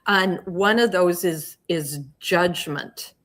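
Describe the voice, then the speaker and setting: A middle-aged woman coach explaining in an interview, animated, acting out the voices she quotes. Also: lowish voice, slow pace. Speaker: parenting and teen coach.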